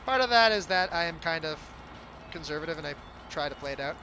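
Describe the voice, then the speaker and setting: A young man giving casual gameplay commentary as the game's developer, relaxed and self-deprecating, often restarting his sentences. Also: on the high side, fast talker, highs cut off, a little hiss or hum. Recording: game music playing faintly behind.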